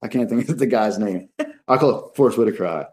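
A man's voice: fairly low pitch, fast talker, a little mellow. A man talking in a casual, rambling and jokey way as a podcast guest. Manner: rambling, jokey, drops into mock voices. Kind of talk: casual chat.

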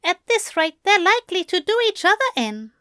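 A woman's voice: very high-pitched, big pitch swings, moderate pace, bright, forceful tone, dry recording, clean studio sound, pitched above the performer's own voice, heavily acted. A woman voicing a prim, put-upon male angel in a storybook reading. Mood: weary. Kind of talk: audiobook reading of fan fiction.

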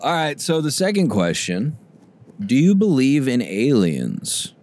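A man's voice: mid-range voice, wildly swooping pitch, a little slow, darkish tone. A man co-hosting a podcast, trading teasing jokes in casual chat. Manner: joking, teasing banter. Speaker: podcast co-host.

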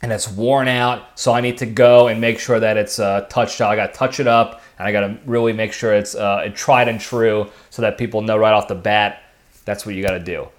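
A man's voice: lowish voice, fairly even intonation, brisk. A man hosting his own podcast, talking casually on his own and often checking in with "okay" and "all right.". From lives in Texas. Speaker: podcast host. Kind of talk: casual solo monologue.

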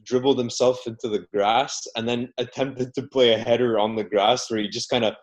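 A man chats as a podcast co-host, hesitant and full of fillers and repeated words. His pitch sits in the ordinary middle range, and he swears now and then. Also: fairly even intonation, normal speed. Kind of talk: casual chat.

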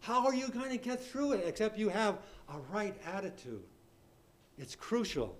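A man's voice: high-pitched, sing-song, normal speed. A man preaching a sermon, reading scripture aloud with rising emphasis and asking his listeners rhetorical questions.

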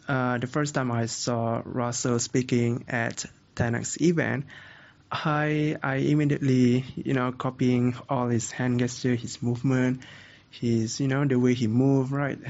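Gravelly man giving speaking tips. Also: mid-range voice, lo-fi sound. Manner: animated, repetitive, self-correcting. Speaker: speaking coach. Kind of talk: casual teaching talk.

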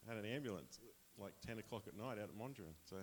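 A man's voice: on the low side, lively intonation, quick pace, a little hiss or hum. An Australian man casually sharing a personal testimony with his church, chatty and rambling, often laughing.

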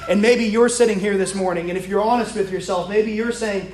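A man preaching a sermon to his church, his phrases trailing off low and soft at the ends. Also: fairly quick, few pauses. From Kentucky. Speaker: pastor. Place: church sanctuary. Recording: echoey church room.

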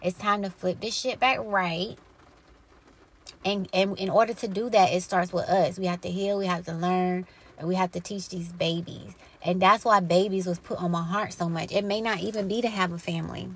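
A woman's voice: lowish voice, steady tone, moderate pace, slightly rough. A woman hosting her own podcast, talking in a blunt, profane, preachy way and firing off emphatic rhetorical questions. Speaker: podcast host. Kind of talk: impassioned solo podcast monologue.

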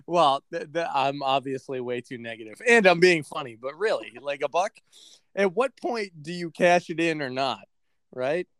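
A man's voice: a little high, sing-song, normal speed, a bit bright, no echo, clean studio sound. A man co-hosting a podcast in casual chat, teasing and joking with his friends. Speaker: podcast co-host.

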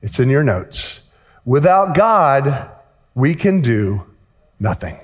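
A man preaching a sermon, telling a story and acting out the dialogue in lively fashion. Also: medium pitch, takes it slowly. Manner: animated, acts out dialogue in the story. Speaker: pastor. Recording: long hall reverb.

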